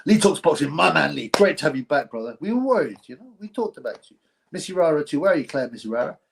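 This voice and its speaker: A man's voice: a little high, big pitch swings, fast talker, gravelly. Blunt man hosting a live boxing chat. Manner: rambling, blunt, slangy, with frequent restarts. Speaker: host of a live boxing show. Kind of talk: casual live-stream chat reading viewer comments.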